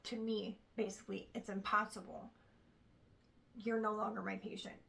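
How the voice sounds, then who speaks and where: A woman's voice: mid-range voice, flat delivery, normal speed, creaky, bright, forceful tone, rough recording. A woman in her thirties telling a frustrated personal story to camera, acting out what others said along the way. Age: 30s. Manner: frustrated, retelling with quoted dialogue. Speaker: vlogger. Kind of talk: casual storytime vlog.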